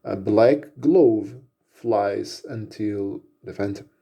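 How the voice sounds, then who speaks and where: Slow, dark-voiced male storyteller. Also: lowish voice, vocal fry, slightly rough. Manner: unhurried, with fillers and restarts. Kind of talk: amateur story narration.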